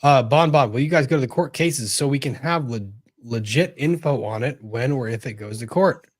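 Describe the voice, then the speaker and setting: A man with a medium-pitched voice speaks at a moderate pace while hosting a casual legal panel chat online over a video call. He's wry and joking, and talks softly to his dog.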